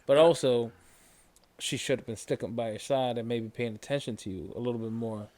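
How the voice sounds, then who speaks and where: A man's voice: mid-range voice, fairly even intonation, fairly quick, darkish tone. A man hosting a podcast, talking in a laid-back, slangy and supportive way. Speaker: podcast host. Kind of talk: casual conversation.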